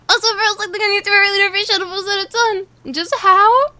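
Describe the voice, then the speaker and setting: In a very high, pushed, bright voice with a steady tone, a fast-talking young woman greets her viewers over and over while gaming on stream. A cough drop slightly muffles her, and the recording is dry.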